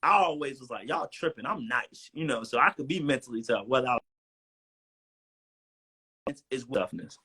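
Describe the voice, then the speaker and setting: A man's voice: mid-range voice, normal speed, long pauses, slightly rough. A young man in his twenties, a guest on a video call, telling stories in casual slang and acting out what people said. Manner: animated storyteller, slangy, acts out quotes. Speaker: guest, former college football player. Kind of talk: casual storytelling interview.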